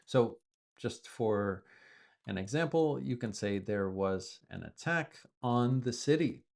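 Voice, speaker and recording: A man's voice: mid-range voice, animated, slow pace, vocal fry, a little mellow. A man teaching English, explaining word use patiently with repeated examples as a native speaker. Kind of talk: explaining vocabulary from the news.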